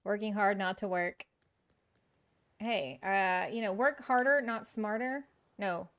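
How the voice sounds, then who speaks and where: This live-streaming gamer has a mid-range, fairly bright voice and speaks slowly. She chats casually with viewers as she plays, poking fun at herself and laughing often.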